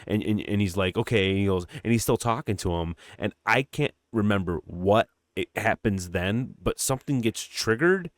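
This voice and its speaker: A man with a low-pitched voice chatting on a podcast, recorded close and dry with no room around him. He retells film scenes with energy, acts out the characters' lines and swears casually. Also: lively intonation, moderate pace, hardly any pauses, no room sound. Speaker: podcast co-host. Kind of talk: casual movie chat.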